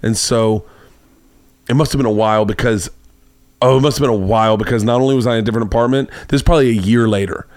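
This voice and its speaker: A man's voice: medium pitch, fast talker, no echo. Dry-voiced man telling a rambling story. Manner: rambling, animated anecdote with quoted voices. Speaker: podcast host. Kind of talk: casual storytelling chat. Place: home studio room.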